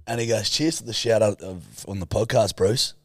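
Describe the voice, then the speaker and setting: A man's voice: lowish voice, moderate pace, no echo, clean studio sound. A young man co-hosting a podcast, swearing freely and acting out his own stories in casual banter. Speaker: podcast co-host.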